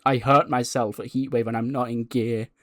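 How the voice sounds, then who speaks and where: A man's voice: mid-range voice, fairly even intonation, normal speed, no room sound, clean studio sound, close to an everyday voice. A man voicing an injured female wrestler who protests hesitantly. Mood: protesting. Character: hurt, shocked female wrestler.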